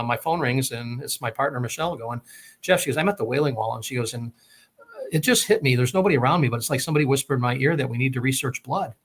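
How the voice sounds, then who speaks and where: Fast-talking man telling a story. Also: medium pitch. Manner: rambling, many fillers and restarts. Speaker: guest telling his story. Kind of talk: casual storytelling.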